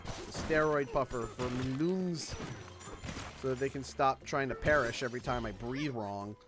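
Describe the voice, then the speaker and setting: A man from Canada chatting casually on a game livestream, telling a story with lively quoted voices. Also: mid-range voice, a little slow. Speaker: streamer. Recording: faint music behind.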